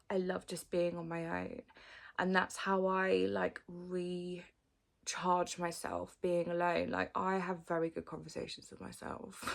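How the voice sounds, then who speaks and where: A woman's voice: medium pitch, creaky. A woman in her thirties chatting casually as she answers follower questions, using lots of fillers and sometimes dropping into a whisper. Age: 30s. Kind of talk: casual chat.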